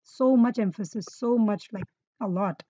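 A woman's voice: mid-range voice, moderate pace, mellow, no room sound, dull audio. A woman teaching Arabic grammar to learners, patiently repeating key words and quizzing her listeners. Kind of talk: explaining Quranic Arabic grammar.

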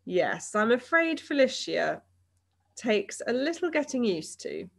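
A woman's voice: on the high side, sing-song, a little slow, creaky, voice pushed up, heavily acted. A woman voicing a shy, matter-of-fact boy who explains things patiently. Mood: explaining.

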